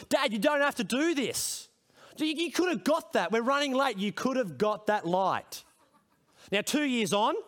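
A middle-aged man's voice, high and a bit bright, carries a conversational sermon at a school chapel service. As he asks questions of the room, the preacher grows emphatic.

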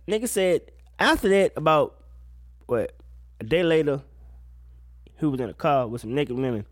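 A man giving a casual, profane solo rant about music gossip, breaking into sudden loud high outbursts. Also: lively intonation, normal speed, long pauses, dry recording, studio quality. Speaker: solo commentator.

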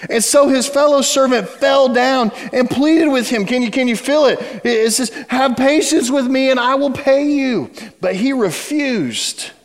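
A man preaching a sermon to his church, telling a story with dramatic shifts between loud emphasis and hushed words. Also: very high-pitched, long reverb tail. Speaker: pastor. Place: church sanctuary.

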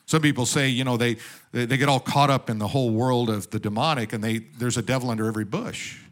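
A man preaching a sermon in a conversational way, asking the audience questions and dropping into soft, quiet asides. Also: mid-range voice, quick pace. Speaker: pastor.

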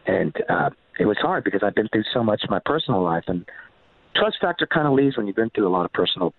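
A musician from California telling a story animatedly, full of fillers and swearing. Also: male voice, lowish voice, fast, no echo. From Montebello, California. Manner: swears freely, many fillers, builds to excitement. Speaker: musician guest. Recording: dry, tinny phone-like line.

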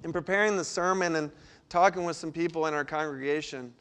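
A man pastor preaching a sermon, swinging between lively emphasis and quiet, intense passages. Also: a little high, fairly quick, smooth. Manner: dynamic delivery, sudden drops to quiet intensity.

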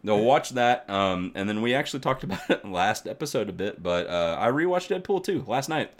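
Male podcast co-host, low voice, loose, excitable and profane, talks in long run-on stretches. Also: brisk. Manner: rambling, animated, swears often, many fillers. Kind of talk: casual chat.

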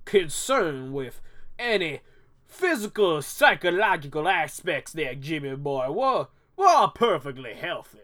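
A man's voice: a little high, sing-song, unhurried, a bit bright. A man putting on a folksy Southern doctor. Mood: reassuring. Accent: American Southern, put on.

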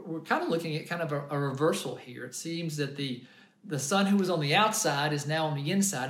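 Brief: male pastor, high voice, earnest storytelling sermon, roomy echo. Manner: earnest, storytelling, frequent restarts.

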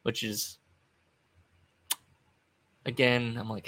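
A man's voice: mid-range voice, steady tone, slow pace, pauses often, bright, forceful tone, slight background noise. A middle-aged man hosting a casual podcast recap, rambling with wry, offhand asides. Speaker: podcast host recapping wrestling.

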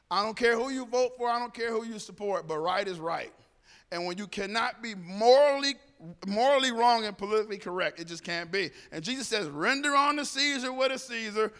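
Man, very high voice, bright tone, animated storyteller acting out dialogue, long hall reverb. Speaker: speaker addressing a group. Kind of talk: personal storytelling commentary.

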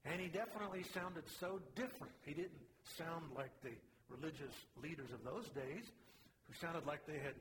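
A man's voice: fairly high pitch, normal speed, long reverb tail, background noise. A man preaching a sermon in a folksy, conversational way, with small personal asides. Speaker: pastor.

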